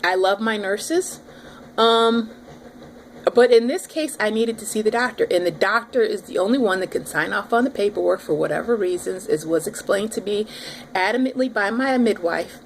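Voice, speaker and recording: A pregnant woman in her thirties talks straight to her viewers in a casual vlog and tells a story with lively emphasis. Her voice sits in a middle register for a woman, with a faint hum of room ambience behind it. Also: mid-range voice, normal speed. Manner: animated, talks with her audience directly. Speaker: vlogger.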